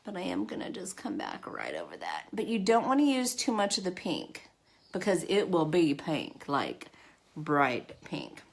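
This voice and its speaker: A middle-aged woman chats her way through a live makeup tutorial, greeting viewers by name and joking at her own expense. Her voice sits a little low, but her pitch swings widely and lively. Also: measured pace, gravelly. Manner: chatty, self-deprecating, talks to viewers by name. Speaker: makeup livestream host.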